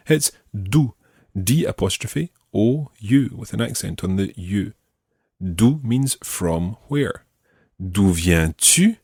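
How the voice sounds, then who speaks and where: Guy teaching, slow and careful, repeats stuff, lively voice. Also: fairly low pitch, slightly rough, dry recording, studio quality. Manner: slow, deliberate, repeats phrases for learners. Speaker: language teacher. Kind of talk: scripted audio lesson.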